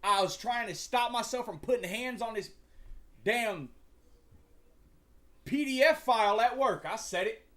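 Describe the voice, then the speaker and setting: A man's voice: extremely high pitch, measured pace, long pauses, fairly bright tone. A young man hosting a livestream, chatting casually in a slangy, profane, rambling way with frequent stumbles. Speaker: livestream host.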